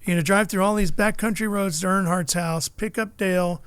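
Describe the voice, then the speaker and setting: High-pitched and a little fast, this middle-aged Californian motorsports broadcaster tells stories in a relaxed chat. His smooth voice, free of echo, turns animated as he acts out the people he quotes.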